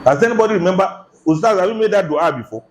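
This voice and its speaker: A male preacher delivers a Ramadan sermon in a fairly high voice. He is animated and keeps throwing rhetorical questions at the congregation. He often slips into quoted speech to act it out. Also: quick pace, slight background noise. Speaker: preacher giving Quran commentary.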